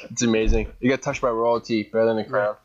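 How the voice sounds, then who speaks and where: A man co-hosting a podcast in casual chat, excitable and rambling, with lots of "like". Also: lowish voice, fast, muffled recording. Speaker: podcast co-host.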